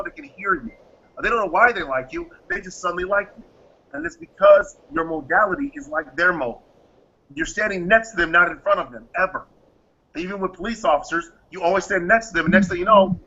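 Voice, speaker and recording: Interviewed on dull, lo-fi audio, the founder of a private security firm speaks emphatically and acts out the exchanges he recalls. His high voice is bright and forceful, with a breathy edge.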